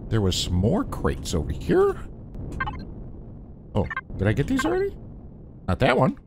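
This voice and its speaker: A man casually commentating his game session, his pitch rising and falling in lively swings. He chats to the enemies with mock courtesy. A faint noise sits under the recording. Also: a little slow. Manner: chatty, talks to enemies with mock politeness. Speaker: gaming channel host.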